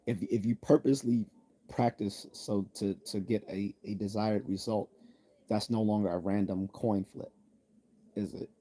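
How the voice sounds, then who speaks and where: Hosting a live stream, a man from the United States reads viewer chat aloud and fires back blunt answers with jokes and laughter. His voice is lowish and warm.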